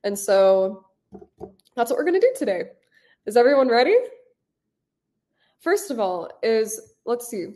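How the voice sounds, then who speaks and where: An upbeat woman teaches a live online English class over a video call. She sounds bubbly and encouraging, with a slightly high voice and a mellow, soft tone. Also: very animated, a little slow, long pauses.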